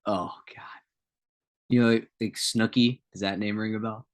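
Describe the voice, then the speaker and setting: A man's voice: on the low side, fairly even intonation, moderate pace. A man co-hosting a casual podcast, reading notes aloud with joking asides and tangents. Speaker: podcast co-host.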